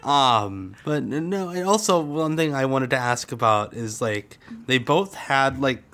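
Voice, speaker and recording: A man's voice: mid-range voice, lively intonation, unhurried, a bit bright. A man co-hosting a podcast in casual chat, rambling with self-mocking jokes. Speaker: podcast co-host.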